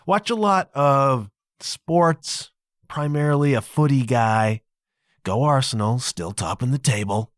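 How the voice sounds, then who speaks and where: A man's voice: medium pitch, takes it slowly, no echo. Chatty fifty-something man, dry close sound. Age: 50s. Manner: chatty and conversational, with frequent asides to listeners. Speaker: podcast host. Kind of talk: casual solo podcast monologue.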